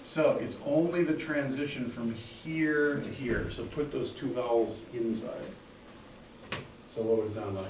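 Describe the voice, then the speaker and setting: A man's voice: mid-range voice, unhurried, a little mellow, far from the mic. A male teacher in a classroom, patiently explaining step by step and calling on students. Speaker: Hebrew teacher. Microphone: room mic from a distance. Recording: echoey classroom, recorded from afar, faint hum.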